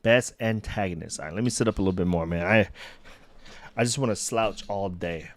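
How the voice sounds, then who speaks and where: A man's voice: sits low, brisk. A young man chatting casually on a solo livestream, rambling, restarting sentences and laughing at himself. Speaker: streamer. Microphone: desk mic.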